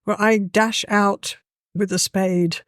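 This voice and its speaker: A woman's voice: mid-range voice, slow, no room sound, clean studio sound. A woman, talking as a guest in an easygoing, storytelling way with a frequent "you know". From England. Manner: lively, warm-hearted, with a frequent "you know". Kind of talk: casual conversational storytelling.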